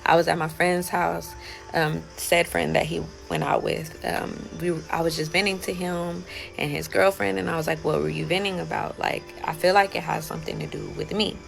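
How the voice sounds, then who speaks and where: Gravelly low-voiced woman telling her story. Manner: rambling, full of fillers and self-quotes. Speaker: storyteller recounting her own life. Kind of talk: casual storytime monologue.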